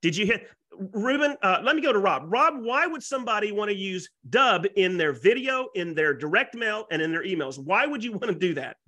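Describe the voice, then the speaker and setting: A man, a realtor and YouTuber, pitching as a guest speaker on a webinar with excitable, salesy energy and folksy exaggeration. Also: fairly quick, hardly any pauses. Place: Florida.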